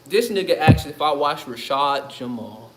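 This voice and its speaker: A man's voice: on the high side, animated, moderate pace, slight background noise. A man ranting on his livestream in a loose, profane, rambling way, laughing often. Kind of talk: casual livestream rant. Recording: echoey room.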